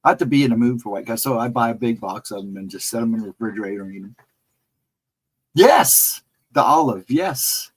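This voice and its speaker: A man hosting a laid-back livestream, chatting with viewers in an easy, conversational way. His voice sits at an ordinary middle pitch. He wanders through stories with small chuckles and restarts. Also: animated, brisk, breathy edge, low-quality recording. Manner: rambling anecdotal storyteller, chuckling often. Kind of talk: casual livestream chat.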